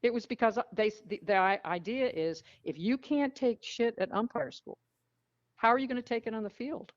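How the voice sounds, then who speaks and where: A woman guest telling frank, lively stories in a casual interview. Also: a little high, normal speed, no echo. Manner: animated, frank storyteller who acts out quotes. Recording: dull lo-fi dry sound.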